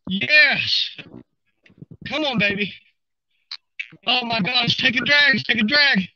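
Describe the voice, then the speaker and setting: A man, streaming live from a river bank and talking excitedly to his viewers while he fishes. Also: very high voice, takes it slowly, lo-fi sound. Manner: excited, drawling, talks to viewers while reeling. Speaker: fishing livestreamer.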